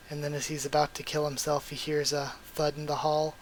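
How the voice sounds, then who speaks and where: A man's voice: on the high side, monotone, a little fast, few pauses, slight background noise. A man reading a comic aloud for his channel, reacting emotionally between panels, his voice strained. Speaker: YouTuber reading manga aloud. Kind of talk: comic readthrough with commentary.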